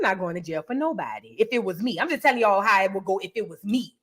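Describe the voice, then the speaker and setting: A young woman with a fairly high voice rips through celebrity gossip, brash and profane. Her delivery is sassy and mocking, full of loud asides to her viewers. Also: lively intonation, a little fast, few pauses. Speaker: reaction video host.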